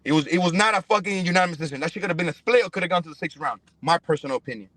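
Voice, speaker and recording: A man's voice: a little high, animated, racing, a bit bright, no room sound. A man, a professional fighter guest on a podcast, talking heatedly in a blunt, profane, emphatic way. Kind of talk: heated interview talk.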